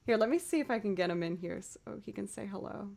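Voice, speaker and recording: A woman's voice: mid-range voice, fast talker, gravelly, a little mellow. A woman musician chatting casually on her livestream, bubbly as she thanks viewers one by one.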